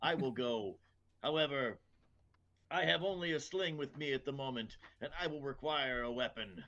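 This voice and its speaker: A man voicing a confident, smooth-talking smuggler. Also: medium pitch, moderate pace, a bit bright, natural voice. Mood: suave. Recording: dull lo-fi mic.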